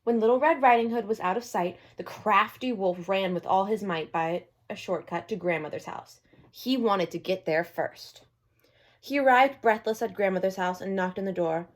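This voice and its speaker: A woman reading a children's storybook aloud in a friendly, expressive way. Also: mid-range voice, normal speed.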